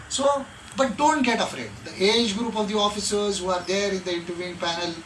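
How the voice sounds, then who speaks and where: A man's voice: high-pitched, fairly bright tone, a little hiss or hum. Guy teaching a class, kinda far off the mic in an echoey room. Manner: earnest and repetitive, asks and answers his own questions. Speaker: lecturer coaching students for officer selection interviews. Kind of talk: classroom lecture. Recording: roomy, from a distant mic.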